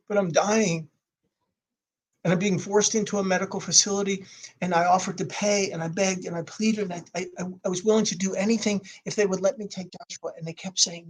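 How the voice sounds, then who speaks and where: A man voicing a dying elderly man who speaks in an earnest, pleading way, in a husky voice. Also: high-pitched.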